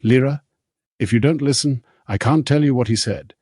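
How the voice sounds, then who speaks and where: A man with a husky voice reading the part of a hurt, defensive young male daemon in an audiobook. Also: medium pitch, moderate pace, mellow, no room sound, studio quality, voice pushed up, lightly acted. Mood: pleading.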